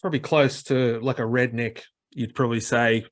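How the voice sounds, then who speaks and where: A man's voice: mid-range voice, fairly even intonation, normal speed. Rambling Australian man in casual chat. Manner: rambling, many fillers, mimics other accents.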